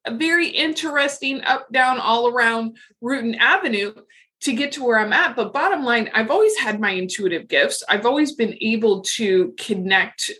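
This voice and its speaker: A woman's voice: fairly high pitch, normal speed, pushed and bright. A middle-aged woman talking frankly and casually as a podcast guest, with lots of fillers. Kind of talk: casual interview chat.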